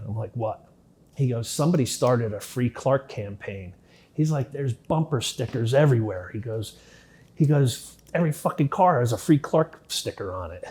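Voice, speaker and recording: Speaking at a moderate pace in an animated, medium-pitched voice, a middle-aged interview guest recounts his own past with candor and casual profanity. At the darker moments, he drops to near-quiet.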